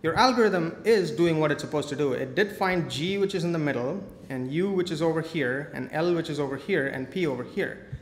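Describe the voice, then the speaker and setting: Man doing a live coding talk, joking and lively, in a large reverberant hall. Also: fairly high pitch, a little fast, hardly any pauses. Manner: playful, joking asides. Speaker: conference speaker. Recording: echoey hall, faint noise.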